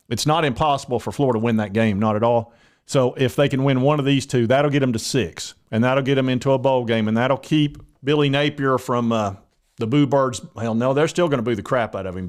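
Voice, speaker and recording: A man hosting a sports talk channel, chatting casually and rambling with plenty of fillers. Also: mid-range voice. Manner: rambling, conversational, many fillers.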